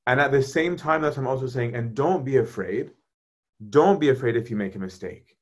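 A man, a priest, talking casually about faith and answering viewers' questions in a conversational, animated way. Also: mid-range voice, fairly quick. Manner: conversational, animated, often asks "right?".

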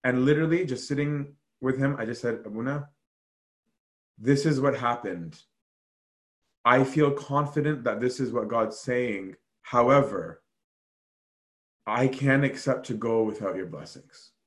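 A man's voice: medium pitch, measured pace, pauses often. A man casually telling monastery stories, full of fillers and acted-out quotes. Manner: animated storytelling, acts out quoted voices, frequent fillers. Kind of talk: casual storytelling talk.

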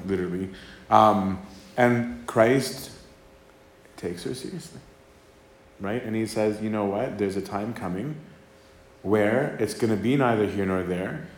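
A man's voice: fairly low pitch, unhurried. A man, a priest, giving an informal talk that is conversational, tagging "right?" onto his points and acting out the quotes. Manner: conversational, keeps asking "right?", acts out quotes. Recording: echoey room with faint ambience.

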